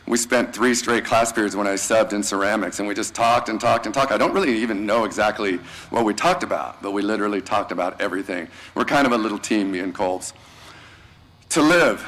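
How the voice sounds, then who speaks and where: In a low-quality recording, a man with a voice on the low side bids graduating students farewell. Casual and slangy yet warm, he thanks them individually by name.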